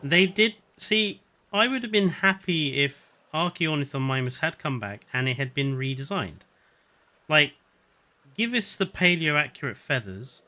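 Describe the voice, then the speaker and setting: A man's voice: fairly high pitch, sharp tone. A man chatting casually and sarcastically while live-streaming a game, often laughing.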